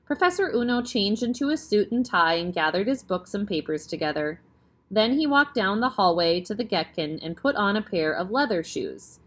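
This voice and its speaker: A woman reads a children's chapter book aloud in calm storytelling narration. Her voice is lively in pitch, with plenty of rise and fall. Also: normal speed.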